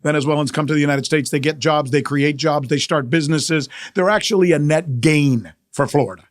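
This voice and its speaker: A middle-aged male journalist hosting a podcast, giving emphatic, animated news commentary and repeating key phrases for effect. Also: fairly high pitch, brisk, no room sound, studio quality.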